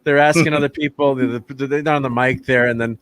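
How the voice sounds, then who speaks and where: A man's voice: mid-range voice, fairly even intonation, fairly quick, fairly bright tone, dry recording. Rambling man hosting a dry-sounding chat. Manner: rambling, laughs often, many fillers and restarts. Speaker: channel host. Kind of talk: casual movie review chat.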